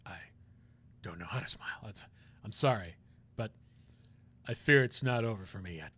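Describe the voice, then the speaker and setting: Guy doing a gloomy stiff prosecutor, low, half-whispered and hesitant, visual novel read-aloud. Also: moderate pace, pushed and bright, husky. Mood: brooding.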